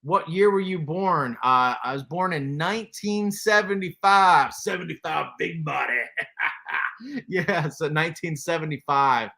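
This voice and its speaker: A man's voice: on the high side, unhurried, vocal fry, sharp tone. A man, casually hosting a toy livestream, laughing often and reading chat aloud. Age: 40s. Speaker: toy collector livestream host.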